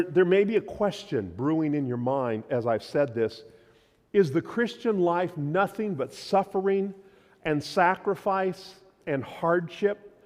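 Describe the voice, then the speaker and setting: Emphatic male pastor in a reverberant hall. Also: a little high. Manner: emphatic preaching, sudden swings from loud to quiet. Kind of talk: sermon. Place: church sanctuary.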